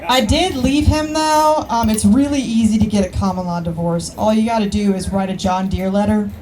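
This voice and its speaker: A woman's voice: mid-range voice, moderate pace, noisy background. A woman from Alabama, performing a crude stand-up comedy set with rambling asides. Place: live outdoor show with audience.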